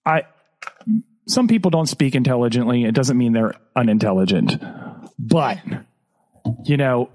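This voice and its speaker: A man co-hosting a podcast, telling a story in a lively way, acting out quotes and laughing often. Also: medium pitch, measured pace, pauses often. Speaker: podcast co-host. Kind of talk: casual podcast chat and storytelling.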